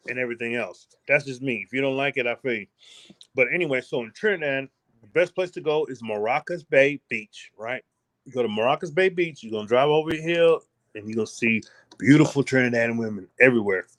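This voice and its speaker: A man from the United States, a podcast guest and travel vlogger, talking in a casual interview with boastful, animated, slangy storytelling. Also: mid-range voice, dry recording.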